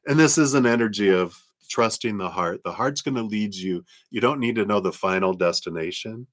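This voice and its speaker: A man reading tarot cards on a live stream, talking in a gentle, reflective way and laughing often. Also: on the low side, moderate pace. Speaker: tarot reader.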